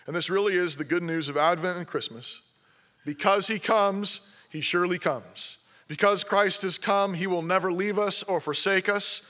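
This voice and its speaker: Male pastor, high bright voice, preaching with insistent repeated questions. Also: fairly even intonation, normal speed. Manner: exhorting, repeats rhetorical questions. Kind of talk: sermon.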